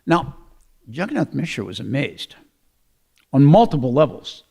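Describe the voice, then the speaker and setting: A man giving a storytelling sermon in a relaxed, conversational way, with fillers and throat clearing. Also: mid-range voice, a little slow, long pauses. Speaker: speaker giving a scripture talk.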